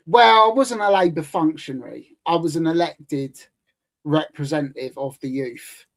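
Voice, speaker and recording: Casual British male guest, 30s, a touch higher than average, rambly and relaxed. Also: normal speed, rough recording. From United Kingdom. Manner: chatty, loose, with fillers. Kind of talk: casual chat.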